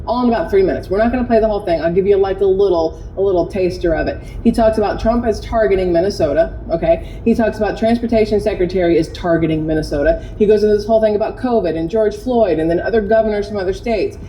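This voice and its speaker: A woman hosts an opinion vlog with a mellow, dark-toned voice. She rambles in a chatty way and gets sarcastic and indignant, with faint noise behind her. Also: mid-range voice, fast, hardly any pauses, rough recording. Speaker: commentary host.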